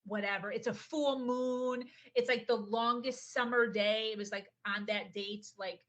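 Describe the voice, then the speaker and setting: A young adult woman telling a personal story in a casual, animated way, often saying "like" and acting out what people said. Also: fairly high pitch, unhurried. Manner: animated, acts out quotes, says "like" often. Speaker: podcast guest.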